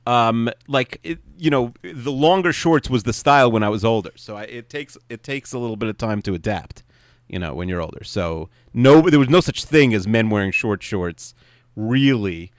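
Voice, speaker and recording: Middle-aged male co-host, lively up-and-down pitch, dry close sound, halting and wry. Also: no room sound. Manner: rambling, self-deprecating, halting. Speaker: podcast co-host. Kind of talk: casual chat.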